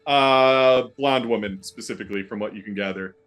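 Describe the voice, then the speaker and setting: A man's voice: fairly low pitch, moderate pace, fairly bright tone. Rambling male game master. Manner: loose and rambling, full of ums and restarts. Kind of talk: narrating a tabletop horror game.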